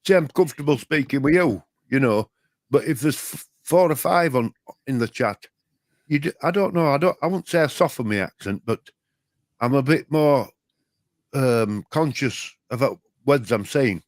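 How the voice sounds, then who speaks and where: An older man with a Yorkshire accent, co-hosting a relaxed, chatty live talk show. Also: medium pitch, normal speed, no echo, clean studio sound. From Yorkshire, England. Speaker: co-host. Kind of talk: casual chat.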